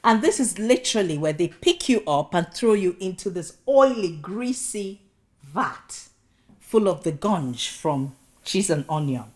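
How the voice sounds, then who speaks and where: A Nigerian woman professor recounts her personal journey in an animated, storytelling way, dropping humorous asides. Her voice sits a little low. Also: a little slow. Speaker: guest speaker, professor.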